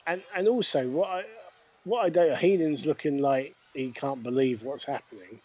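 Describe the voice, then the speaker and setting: A man co-hosting a casual watchalong, describing the action play by play with quick asides. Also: medium pitch, a little mellow, muffled recording. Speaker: podcast co-host.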